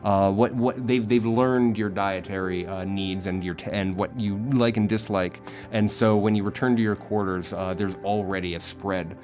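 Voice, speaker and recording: Young male game master, slightly low voice, full of ums and restarts, faint music bed. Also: steady tone, a little mellow. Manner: halting, many fillers and restarts. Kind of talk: narrating a tabletop game.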